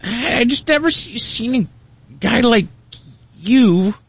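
A man bounces through improvised comedy banter with mock-angry outbursts. His husky voice leaps around in pitch, and the sound is close and dry. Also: lively intonation, slow, no room sound. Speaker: comedy show co-host.

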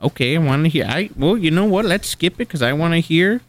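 A man hosting an improvised comedy radio bit, theatrical, jumping from shrill outrage to low mutters. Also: animated, a little fast. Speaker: comedy radio show host.

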